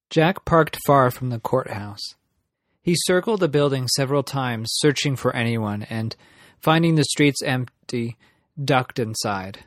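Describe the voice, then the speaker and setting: A man narrating a story in an even, measured reading. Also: mid-range voice, no echo, studio quality. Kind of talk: audiobook narration.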